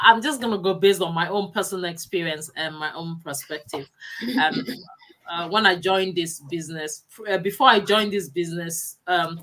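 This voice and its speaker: A woman's voice: on the low side, a bit bright. A woman on a video call telling her own experience in a personal, reflective way. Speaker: panelist. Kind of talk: casual chat on a video call.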